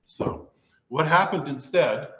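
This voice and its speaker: A man's voice: a little high, takes it slowly, bright, forceful tone, dull audio. A man telling a self-mocking comic story to a live audience, acting it out as he goes.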